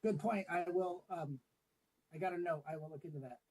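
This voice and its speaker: A man presenting his mapping work to a committee in a relaxed, explanatory way, with many fillers. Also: on the high side, brisk, low-quality recording. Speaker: city staff presenting a tree map. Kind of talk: meeting presentation. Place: public meeting room with remote attendees.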